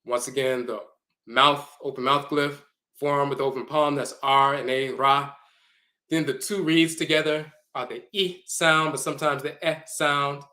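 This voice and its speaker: A man giving a slow, deliberate lecture, repeating and spelling out terms as he explains glyphs and dialects. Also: mid-range voice, fairly even intonation, sharp tone.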